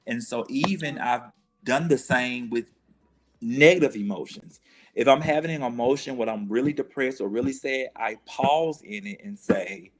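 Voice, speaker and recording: A man with a mid-range voice talks at a moderate pace. He's a guest in an earnest, reflective conversation, frequently restarting and repeating phrases as he works through his thoughts.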